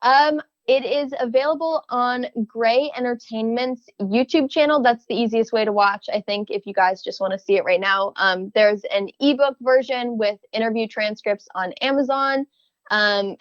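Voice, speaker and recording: A woman's voice: mid-range voice, fairly even intonation, moderate pace, no room sound, lo-fi sound. A young woman as a podcast guest, talking thoughtfully and hesitantly with many fillers. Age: young adult. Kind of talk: casual interview chat.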